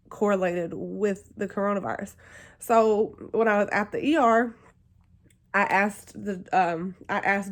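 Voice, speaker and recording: A young woman vlogging, telling a personal story in a chatty, emotional way with lots of fillers. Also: mid-range voice. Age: young adult. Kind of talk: casual storytelling to camera.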